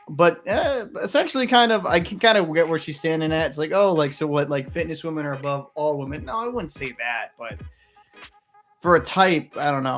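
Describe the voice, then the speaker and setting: A young man hosts a reaction video, thinking out loud in a loose, rambling way. His voice sits a bit high for a man, and he swears freely while giving his honest take. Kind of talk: casual commentary.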